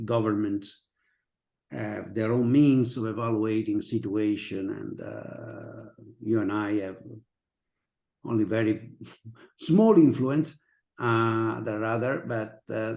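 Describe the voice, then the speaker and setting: Gravelly-voiced man hosting an interview. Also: medium pitch, a little mellow. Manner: halting, many fillers and restarts. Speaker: interviewer and channel host. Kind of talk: casual video interview.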